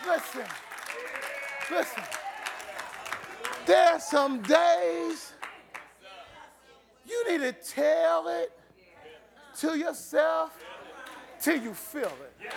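A man preaching a sermon in a church, shouting and drawing the congregation into call-and-response. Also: very high-pitched, very slow, creaky, long pauses, crowd noise.

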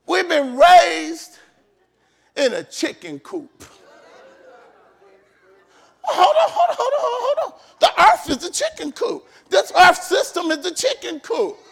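A male pastor with an unusually high voice delivers a sermon in a church, shouting and hammering his points with repeated phrases. His tone is gravelly and he takes his time, drawing words out slowly. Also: wildly swooping pitch, a faint crowd. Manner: shouting, emphatic preaching with repetitions.

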